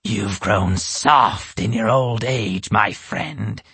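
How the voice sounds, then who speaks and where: Storybook villain: menacing ancient witch, slow and cold, husky, read by a man. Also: fairly low pitch, sharp tone, dry recording, pitched below the performer's own voice, exaggerated voice. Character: menacing ancient witch woman, cruel and amused.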